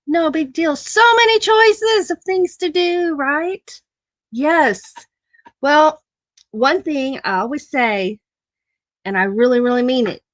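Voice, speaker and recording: A woman's voice: fairly high pitch, no room sound. A middle-aged woman hosting a casual live-stream chat, laughing often and repeating her phrases affectionately.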